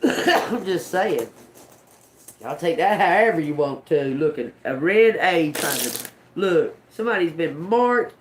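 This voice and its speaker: A woman giving a loose, casual spiritual reading to her audience. Her pitch swings widely as she talks, and she breaks into laughter often. She swears freely and keeps a streetwise, offhand manner, with a faint ambient hiss behind her. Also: expressive, unhurried. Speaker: intuitive reader.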